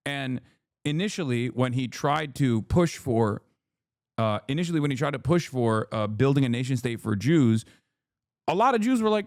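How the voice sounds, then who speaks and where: Profane, animated male streamer. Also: medium pitch, normal speed, no room sound, studio quality. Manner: loose and profane, many fillers, animated when quoting. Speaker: streamer reacting to a video. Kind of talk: casual reaction commentary.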